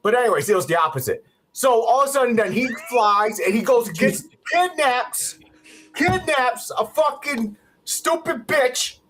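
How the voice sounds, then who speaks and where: A man's voice: extremely high pitch, expressive, normal speed, a bit bright, soft background music. A man hosting a podcast, giving a heated, profane rant reviewing a movie. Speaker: podcast host.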